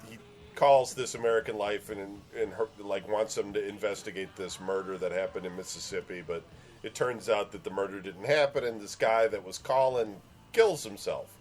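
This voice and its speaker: A man co-hosting a casual podcast chat, recounting things in a relaxed way with many "like"s. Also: fairly low pitch, normal speed. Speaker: podcast co-host.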